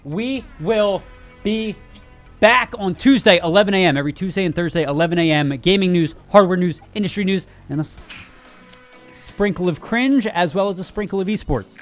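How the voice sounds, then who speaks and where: A man hosting a live gaming news stream, joking with his viewers and laughing often. His voice sits a bit high, and faint music plays underneath. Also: brisk. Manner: joking, talks straight to chat, laughs often. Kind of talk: casual live-stream chat.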